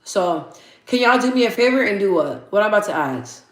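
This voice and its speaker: A woman's voice: mid-range voice, lively intonation, a little fast. A young woman hosting a casual livestream, laughing often and chatting with her viewers as she reads the chat. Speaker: livestream host. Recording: echoey room.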